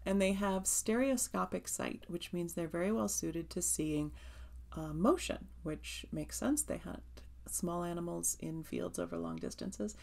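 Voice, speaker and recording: A woman's voice: fairly low pitch, creaky, warm tone. A woman hosting her own cross-stitch vlog, chatting eagerly from her notes. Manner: eager, gushing, reading from notes. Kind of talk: casual chat from notes.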